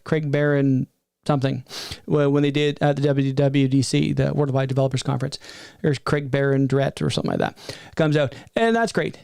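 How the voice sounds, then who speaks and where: Animated, rambling man in his fifties. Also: on the high side, gravelly, smooth, dry recording, clean studio sound. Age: 50s. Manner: animated, rambling, exasperated asides. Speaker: tech streamer. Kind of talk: casual spoken reaction. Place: at a desk before a green screen.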